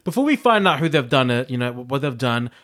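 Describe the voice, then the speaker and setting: A man co-hosting a casual podcast chat, animated and laughing often. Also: medium pitch, fairly quick. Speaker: podcast co-host.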